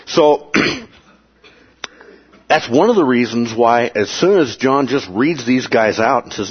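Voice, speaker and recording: A man leads a Bible class, his husky voice rising and falling across a wide, lively pitch range. He keeps checking in with his listeners and briefly acts out the voices he quotes. The recording sounds dull and lo-fi. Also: slow. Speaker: Bible study teacher.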